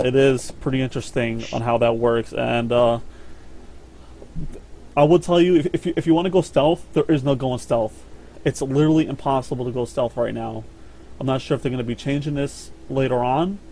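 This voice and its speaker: A man's voice: medium pitch, darkish tone, a little hiss or hum. A man hosting a casual podcast chat about games, rambling and swearing, often repeating his words. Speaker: podcast host.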